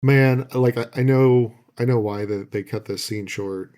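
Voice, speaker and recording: Mellow-voiced man in a relaxed recap. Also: medium pitch, a little slow. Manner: relaxed, loose plot recap with many fillers. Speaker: podcast co-host recapping an episode. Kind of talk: casual chat.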